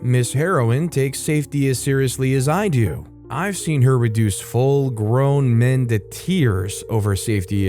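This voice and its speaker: A man's voice: medium pitch, a little mellow. A man hosting a show where he reads online stories aloud, in a casual, conversational way with wry asides. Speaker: host reading online stories. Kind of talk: story narration with commentary. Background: faint guitar music.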